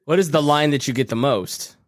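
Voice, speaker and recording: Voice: medium pitch, brisk. A podcast co-host in casual chat, asking the host questions. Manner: curious, asks questions.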